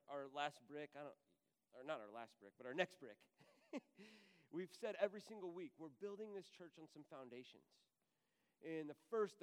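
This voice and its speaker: A man's voice: on the high side, clear, resonant tone, long reverb tail. A man in his thirties preaching a sermon, telling a personal story and acting out the voices of the people in it. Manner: animated storyteller, acts out voices in quotes. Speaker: pastor.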